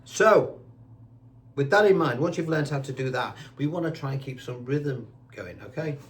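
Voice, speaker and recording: A man's voice: medium pitch, expressive, brisk. A man teaching a guitar lesson, chatty and reassuring, counting notes aloud while seated indoors. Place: indoors, seated on a squeaky chair.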